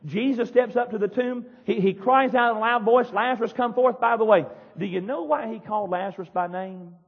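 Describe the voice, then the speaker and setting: A man preaching a fiery sermon as pastor, yelling and pounding the pulpit in a church. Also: high-pitched, brisk. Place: church sanctuary. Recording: dull echoey church hall.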